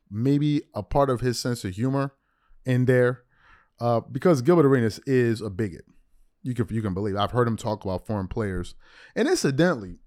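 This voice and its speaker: A man hosting a sports podcast, talking in a blunt, mocking and animated way. His pitch swings widely as he rants and teases. The sound is dry and close, with no room around it. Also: dry recording. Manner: blunt, mocking, animated, teasing then insisting it's jokes. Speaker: sports commentary podcast host. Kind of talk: opinionated sports commentary monologue.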